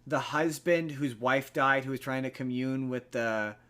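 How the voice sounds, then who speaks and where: A man's voice: mid-range voice, measured pace, pushed and bright, clear, resonant tone. A man hosting a podcast, casually retelling a film plot in a rambling way full of fillers. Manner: rambling storyteller, filler-heavy. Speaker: podcast host. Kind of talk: casual chat.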